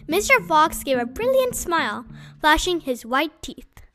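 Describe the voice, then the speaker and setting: A woman reading a children's story aloud as a storyteller, slow and expressive. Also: high-pitched, soft background music.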